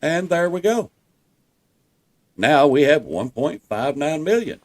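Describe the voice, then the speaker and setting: A man's voice: fairly high pitch, big pitch swings, slow, darkish tone. A man with a Southern US accent giving a folksy, reassuring walkthrough commentary over gameplay, talking viewers through each step. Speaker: gameplay guide.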